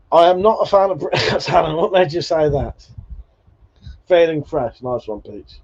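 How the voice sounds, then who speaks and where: A man's voice: on the high side, a little mellow. Chatty man, swearing, dull audio. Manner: chatty, swears often, laughs between remarks. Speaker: livestream host. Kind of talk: casual chat reading viewer comments.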